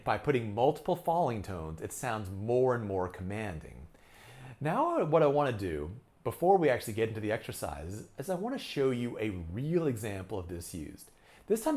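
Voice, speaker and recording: A man's voice: fairly low pitch, a little mellow. A man coaching speech delivery in a lesson, acting out example sentences with shifting emphasis. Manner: demonstrates lines with varied emphasis. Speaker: speaking coach. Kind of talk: instructional lesson.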